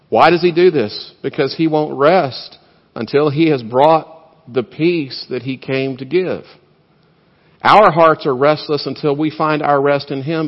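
Man preaching in a reverberant church. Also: medium pitch. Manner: swings from loud emphatic peaks to quiet intimate storytelling. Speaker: pastor. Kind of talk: sermon. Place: church sanctuary. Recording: dull sound with long hall reverb.

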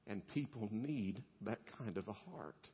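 A male pastor preaching a sermon in a relaxed, conversational way, with humor and softer, gentle passages. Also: on the low side, a little slow, husky. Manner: conversational and humorous, dropping to soft gentle tones. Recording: lo-fi sound with long hall reverb.

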